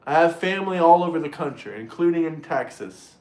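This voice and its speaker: A man hosting a political livestream, ranting in a mocking, crude, sarcastic way and mimicking opponents in shrill voices. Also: lively intonation, brisk, a little mellow, roomy sound. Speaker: livestream host reading super chats.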